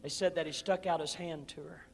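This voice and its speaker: A man's voice: on the high side, steady tone, fairly quick, gravelly. Preacher man in a reverberant church. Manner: storytelling that swells to impassioned shouting, then drops to soft pleading; calls out congregation members by name. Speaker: pastor. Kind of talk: sermon. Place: church sanctuary. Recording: reverberant church with music behind.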